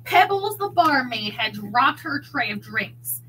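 Female narrator, slow and expressive, bright tone. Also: high-pitched, slight background noise, rough recording. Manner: expressive, dramatic. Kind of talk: reading a mystery novel aloud.

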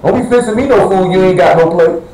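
A man's voice: high voice, fast, dark tone, roomy sound, poor audio. A man preaching a sermon to his congregation in a blunt, conversational way, questioning the listeners directly. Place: church assembly hall.

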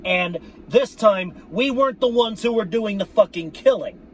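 Ranting fan commentary comes from a man whose voice sits high and a bit bright, animated at a moderate pace. The vlogger is profane and repetitive, fuming about his football team and addressing viewers as "folks."

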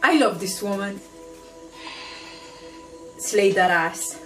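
A woman's voice: medium pitch, slow, soft background music. A woman hosting a reaction video, chatting casually, laughing often and swearing freely.

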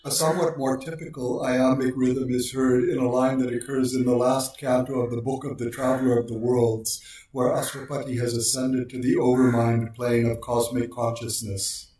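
A man giving a precise, measured lecture on poetic meter and slowing down to recite lines of verse. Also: mid-range voice, little pitch movement, darkish tone. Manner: precise, deliberate delivery, slows for quoted lines. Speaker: lecturer on poetry. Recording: very echoey room, voice far from mic.

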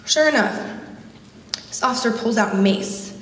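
A woman's voice: on the high side, a little slow, slight background noise. A woman giving a conference speech, telling a personal story with emotion and repeated phrases. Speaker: speaker at a conference. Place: conference hall. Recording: echoey hall, mic from a distance.

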